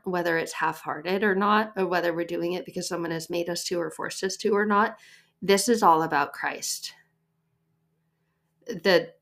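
Chatty, animated woman podcast host. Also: lowish voice. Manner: chatty, animated, acts out quoted voices. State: pregnant, a bit short of breath. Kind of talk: faith podcast monologue.

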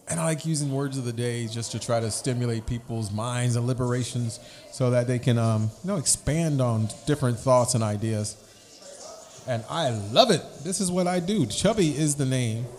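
A man's voice: mid-range voice, moderate pace, darkish tone, in a large hall. A man hosting a casual podcast chat, rambling, repeating himself and slipping into rhymes. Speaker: podcast host.

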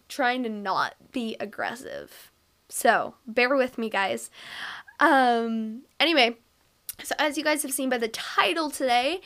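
A woman's voice: on the high side, fairly bright tone. A young woman hosting a casual podcast, chatty and a little self-conscious, with lots of fillers. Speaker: podcast host.

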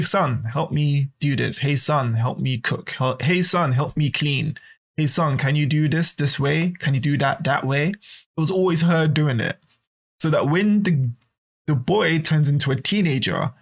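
A man hosting a podcast in a casual, animated way, often repeating his words. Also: a little high, gravelly. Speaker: podcast host.

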